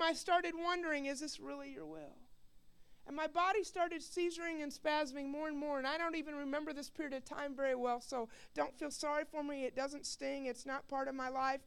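A woman from Missouri shares an emotional personal testimony, earnest at first and building to loud, impassioned preaching with frequent repeated words. Her voice sits high and is creaky.

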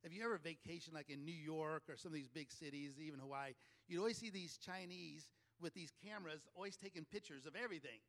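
A man's voice: on the high side, fast, fairly bright tone. A man, a leadership coach, telling a chatty story to a live audience and laughing often between phrases.

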